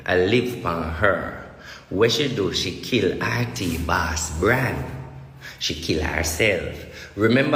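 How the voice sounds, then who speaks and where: A man's voice: lowish voice, fairly bright tone. A man with a Jamaican accent delivering a ranting monologue as a self-styled prophet, emphatic and repetitive in a preachy way. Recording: echoey room with long reverb.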